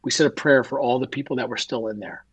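A man's voice: mid-range voice, fast, husky. A man, a guest and author, telling an emotional personal story in an interview and acting out quoted dialogue.

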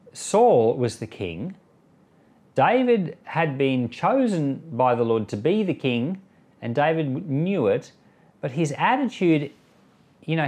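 Male pastor, Bible reading and relaxed commentary, animated pitch, mid-range voice. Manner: conversational, acts out quoted voices.

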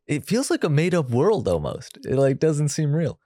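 A man's voice: a little high, very animated, moderate pace, dark tone, no room sound, studio quality. A man from Iowa co-hosting a casual podcast, laid-back and joking. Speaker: podcast co-host.

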